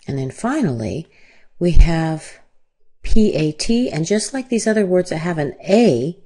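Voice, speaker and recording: A woman with an American accent gives a careful pronunciation lesson in a low, mellow voice. She speaks at an unhurried pace and draws out each modeled word so the vowels can be heard clearly. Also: expressive. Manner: models words slowly with stretched vowels. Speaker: pronunciation teacher. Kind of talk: slow, deliberate pronunciation lesson.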